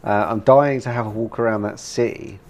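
A man with a British accent co-hosting a casual gaming podcast, animated and laughing often as he talks. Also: on the low side, moderate pace, slight background noise. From Britain. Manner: animated, laughs while talking, many fillers. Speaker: podcast co-host.

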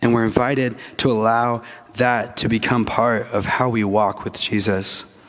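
A male pastor delivers a sermon in an earnest, mid-pitched voice. He often restarts his sentences with a repeated "and." He slows right down to stress the phrases that matter most. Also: little pitch movement, a bit bright.

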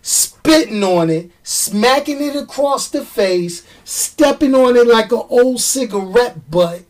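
Slow, ranting middle-aged woman film host. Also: on the high side, distant mic. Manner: animated, slangy, stretches words for emphasis. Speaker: movie show host.

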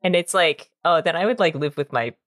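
A woman co-host with a low, lively voice that swings a lot in pitch. She chats playfully and teases her guests, recorded close and dry. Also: brisk, dry recording. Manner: playful, teasing, lots of filler words. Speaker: podcast co-host. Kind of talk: casual chat.

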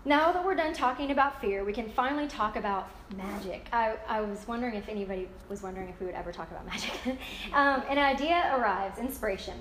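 A woman's voice: a little high, fast talker, hardly any pauses, a little hiss or hum. Chatty woman in an echoey room. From United States. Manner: chatty, animated, acts out quoted voices. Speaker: book discussion leader. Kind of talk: casual group talk.

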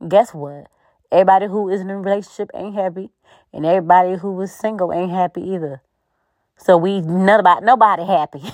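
A woman's voice: fairly low pitch, darkish tone, no room sound. A woman hosting a podcast, giving an encouraging faith-based pep talk in a conversational, preachy way with frequent laughs. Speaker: podcast host.

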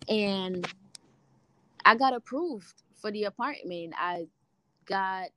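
Animated young woman, jamaican accent. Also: medium pitch, slow, slight background noise, poor audio. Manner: expressive, acts out voices, laughs easily. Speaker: guest sharing a testimony. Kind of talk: animated faith storytelling.

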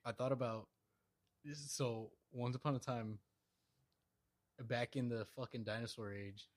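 Blunt, teasing young podcast co-host. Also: male voice, medium pitch, fairly even intonation, unhurried. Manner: blunt, teasing, swears a lot. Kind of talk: casual chat.

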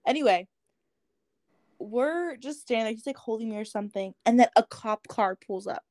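A woman's voice: a little high, animated, moderate pace, a little mellow, dry recording, studio quality. A young woman co-hosting a podcast, telling a story in casual chat and acting out the dialogue. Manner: chatty storyteller, acts out dialogue, many "like"s. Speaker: podcast co-host.

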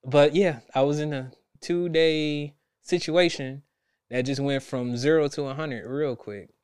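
A young man, a podcast host telling a story in casual chat, animated and laughing often. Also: fairly high pitch, a little slow, smooth. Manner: animated, laughs a lot, acts out quotes.

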